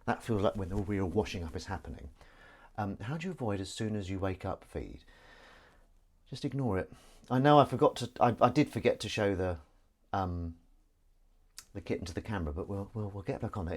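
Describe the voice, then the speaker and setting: A man's voice: on the low side, lively intonation, fairly quick, a little mellow, slight background noise. Man chatting over clattering dishes. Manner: chatty, self-aware, jokey. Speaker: live-stream host. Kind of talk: casual rambling monologue. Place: home kitchen at the sink. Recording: clattering dishes and cutlery behind.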